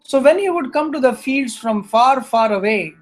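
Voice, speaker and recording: A high-voiced man teaches scripture through lively stories. He acts out the characters as he goes, and his delivery shifts easily between telling and playing. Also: moderate pace. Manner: animated storyteller, acts out characters. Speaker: spiritual teacher.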